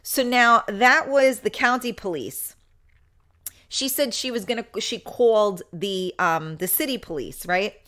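A woman's voice: mid-range voice, measured pace, a bit bright. A woman hosting a live solo talk show, telling a story in a chatty, blunt way, swearing freely and laughing often.

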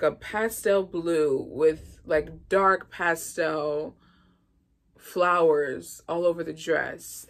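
Chatty woman reviewing a movie, gravelly. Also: on the low side. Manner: chatty and expressive, animated asides. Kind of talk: casual movie review vlog.

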